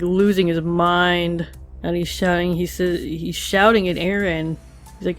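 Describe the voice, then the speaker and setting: An anime reviewer talks through an episode in a relaxed, musing way, pausing on fillers as the thoughts come. The voice sits at a middle pitch. Quiet music plays underneath. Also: creaky. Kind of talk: casual episode review while drawing. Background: faint background music.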